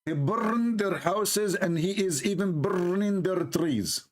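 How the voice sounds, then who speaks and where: A man comments mockingly on a clip, needling and repeating his point in halting English. His voice sits a little higher than most men's. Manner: sarcastic, repetitive, in halting English.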